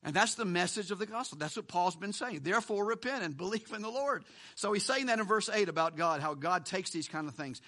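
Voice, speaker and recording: A man pastor preaching a sermon in a conversational way, swinging between loud emphasis and hushed lines, with asides and chuckles. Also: high-pitched, lively intonation, brisk, hardly any pauses.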